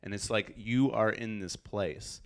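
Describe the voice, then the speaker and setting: A man's voice: fairly low pitch, measured pace. A young man co-hosting a music review stream in casual chat, enthusiastic and chatty, laughing easily. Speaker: co-host reviewing submitted music.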